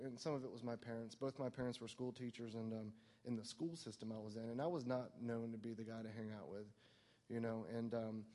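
A man's voice: medium pitch, a little mellow, long reverb tail. A man telling his personal recovery story to a meeting, rambling and self-mocking, filling his talk with "like" and "you know". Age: adult, no longer young.

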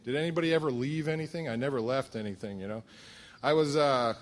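A man's voice: medium pitch, quick pace. A middle-aged man from southern Connecticut telling his story at a support meeting, self-deprecating and humorous, with many fillers. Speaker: recovery meeting speaker. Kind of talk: personal testimony at a support meeting.

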